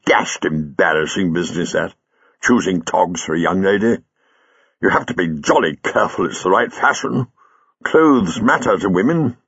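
A man voicing a fussy, genial elderly gentleman with a bustling, gallant manner. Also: low-pitched, normal speed, gravelly, breathy edge, no echo, highs cut off, exaggerated voice.

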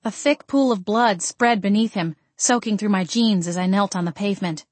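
A woman reading a first-person audiobook in a steady, expressive storytelling voice. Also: medium pitch, moderate pace, dry recording. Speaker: audiobook narrator.

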